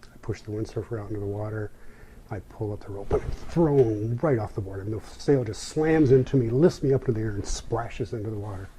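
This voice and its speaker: Male interview guest, unhurried and reflective storyteller, dark mellow tone. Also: fairly low pitch, slight background noise. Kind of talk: personal storytelling.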